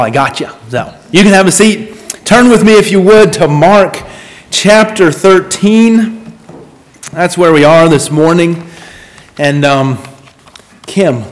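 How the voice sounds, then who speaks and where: A man preaching a sermon and reading scripture from the pulpit, with expressive, varied emphasis. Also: fairly high pitch. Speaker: pastor. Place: church sanctuary. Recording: long reverb of a church hall.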